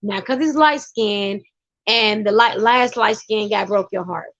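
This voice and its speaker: A woman's voice: mid-range voice, measured pace, fairly bright tone, highs cut off. A woman giving casual, emphatic commentary as a vlogger, now and then turning to talk to her partner off-camera.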